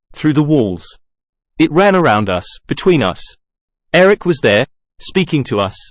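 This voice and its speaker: Male narrator reading a novel, dramatic, with a lively pitch and a dry, close sound. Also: dry recording. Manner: dramatic, expressive. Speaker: audiobook reader.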